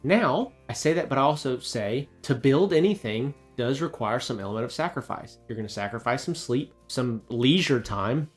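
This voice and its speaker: A man in his thirties, a woodworking business coach, talking to camera in an emphatic, motivational way with rhetorical questions. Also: mid-range voice. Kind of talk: direct-to-camera coaching talk.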